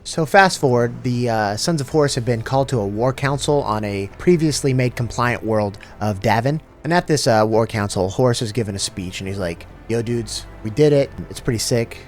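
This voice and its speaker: A man's voice: mid-range voice, expressive, brisk, hardly any pauses. A man casually retelling a story, with slangy, profane, joking asides. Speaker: lore channel host. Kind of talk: casual comedic lore summary.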